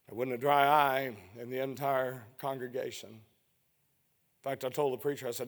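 A man preaching a sermon, telling a story that climbs to loud emotional peaks and then falls low and hushed. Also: level tone, moderate pace.

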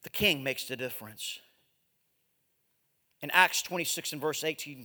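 High bright preacher, hushed then loud. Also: male voice. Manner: animated, swinging from loud exhortation to hushed drawn-out words. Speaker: missionary preacher. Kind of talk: evangelistic sermon with live demonstration. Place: large church sanctuary. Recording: echoey church hall.

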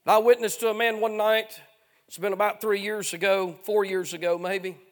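A man preaching a fiery revival sermon, chanting his phrases with frequent "uh" fillers and swinging between shouted passages and hushed stretches. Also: sits high, level tone, normal speed.

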